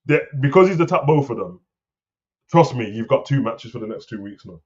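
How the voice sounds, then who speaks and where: A man co-hosting a wrestling talk show, rambling and animated in casual slang. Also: mid-range voice, a little fast. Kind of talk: casual chat. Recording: slightly dull lo-fi sound.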